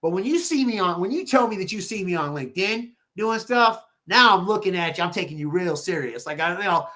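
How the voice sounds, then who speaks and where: A man telling stories as a podcast guest, animated and swearing freely, quoting people in lively voices. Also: sits high, fairly quick. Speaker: podcast guest, real estate agent. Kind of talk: casual podcast interview.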